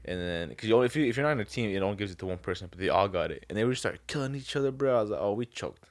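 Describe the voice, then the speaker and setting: A man's voice: lowish voice, lively intonation, no room sound. A man co-hosting a podcast, telling stories in casual slangy talk with many restarts. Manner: fast, slangy storytelling with lots of restarts. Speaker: podcast co-host. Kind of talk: casual chat.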